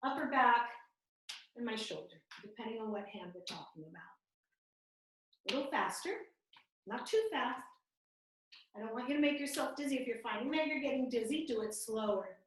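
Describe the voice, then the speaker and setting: A woman guiding a yoga class over a video call, giving gentle, calm and soothing step-by-step cues. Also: a little high, normal speed, long pauses, recorded from a distance, a little hiss or hum. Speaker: yoga instructor. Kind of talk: guided yoga class instruction. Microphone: computer mic on a video call. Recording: echoey video call audio from off-mic.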